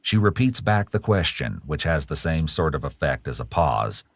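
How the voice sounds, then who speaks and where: A man giving measured, analytical scripted narration for a true crime show. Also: a bass voice, expressive, dry recording. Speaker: documentary narrator.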